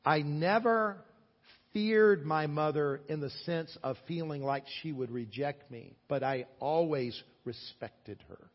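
A man in his sixties from the American South with a Southern accent, preaching a sermon earnestly, with loud stresses and quiet asides. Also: fairly high pitch, slow. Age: 60s. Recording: long hall echo, dull lo-fi sound.

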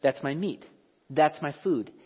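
A man preaching a sermon in a church hall, conversational and animated, often asking the audience questions. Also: a little high, a little slow, husky. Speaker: pastor. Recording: dull, lo-fi recording in a reverberant hall.

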